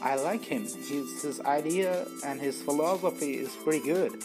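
A man's voice: on the high side, moderate pace, few pauses, music in the background. A man casually commentating as he reads a story game aloud, informal and playful, with casual swearing. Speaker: gaming channel host.

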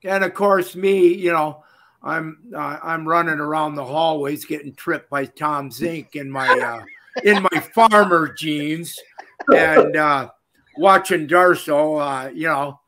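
A man, telling stories as a guest in a casual interview, folksy and animated, laughing often. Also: on the high side, slow pace, crowd noise. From Minnesota. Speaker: guest, retired pro wrestler.

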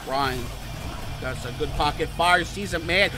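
A man doing excited gameplay commentary for his channel, swinging between muttered play-by-play and outbursts of shouting and cursing. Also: fairly high pitch, a little slow. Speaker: gaming channel host. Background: game music.

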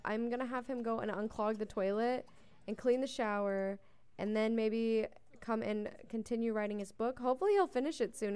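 A woman's voice: fairly high pitch, clear, resonant tone. A young adult woman giving casual, chatty commentary on her life-sim game as a let's play host. She reads the game's text aloud and gushes over cute moments.

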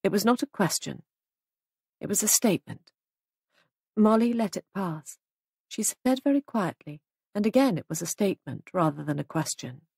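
A woman narrating an audiobook in a measured, even storytelling manner. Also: mid-range voice, creaky, husky, dry recording, clean studio sound.

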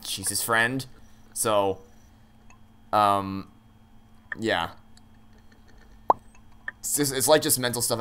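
A man's voice: mid-range voice, pushed and bright, a little hiss or hum. A man playing through a story game, thinking aloud with hesitant, stammering restarts and casual swearing. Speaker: let's play gamer.

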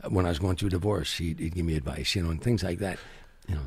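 A man's voice: sits low, fast, breathy edge, dry recording. An older man, a comedian guest, telling anecdotes in an interview and acting out the quotes. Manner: animated anecdotes, acts out quotes. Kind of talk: storytelling interview.

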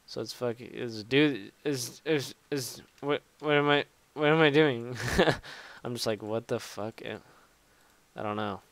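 A man's voice: mid-range voice, a little slow, a bit bright, clear, resonant tone, dry recording. A young man giving casual, rambling gameplay commentary, swearing often and poking fun at himself. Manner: rambling, profane, self-mocking. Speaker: gaming YouTuber.

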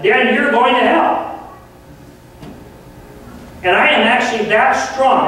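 A man's voice: high voice, fairly bright tone, recorded from a distance. Fervent man preaching, very echoey church. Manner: earnest, emphatic, grows fervent. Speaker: guest preacher. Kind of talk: sermon. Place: church sanctuary.

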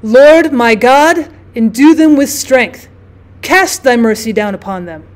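A woman reading aloud voicing an old priest, gentle and solemn, speaking soft and low. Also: animated, slow. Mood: solemn prayer.

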